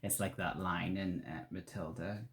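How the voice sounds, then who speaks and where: Low-voiced man co-hosting a casual podcast. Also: fairly even intonation, unhurried, a bit bright. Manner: self-mocking, laughs often. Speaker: podcast co-host. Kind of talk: casual chat.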